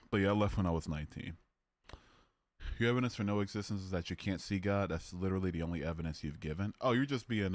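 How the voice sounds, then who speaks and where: Deep young guy hosting a live stream, dry mic, roasts trolls in chat. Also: a little mellow, no echo. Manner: mocking, trash-talking chat trolls. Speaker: livestream host.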